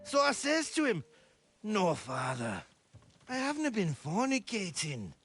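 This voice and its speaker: An actor playing a brash, mocking young bully who swears a lot. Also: male voice, sits high, huge pitch swings, a little slow, a bit bright, soft background music, heavily acted. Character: brash rowdy young male bully, wedding guest.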